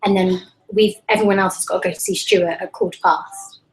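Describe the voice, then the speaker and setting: A woman's voice: mid-range voice, fairly even intonation, darkish tone. Young British woman with an American twang. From Britain. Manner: chatty, quick, drops into whispers. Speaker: student host of a live stream. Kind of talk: casual chat before a live stream. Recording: echoey room with faint noise.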